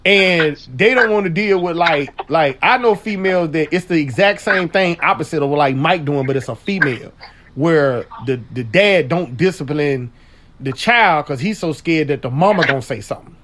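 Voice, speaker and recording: A man with a high voice hosting a loose talk show. His pitch leaps all over as he tells crude, slangy stories and laughs often. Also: moderate pace, background noise. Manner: animated storytelling, frequent laughter, crude slang. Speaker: radio show host. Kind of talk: casual chat.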